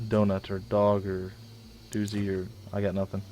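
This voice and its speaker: A young man casually commenting on his own gameplay, chatty and self-mocking, with sudden loud outbursts. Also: fairly low pitch, completely flat delivery, moderate pace, a little hiss or hum. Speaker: let's play gamer.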